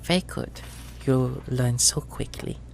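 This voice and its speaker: A man's voice: mid-range voice, slow, gravelly, a little hiss or hum. A man voicing a mean, sweetly menacing middle-aged crime boss woman with a nasal, rusty, syrupy voice in a tabletop game. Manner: soft, purring and threatening, with small stumbles.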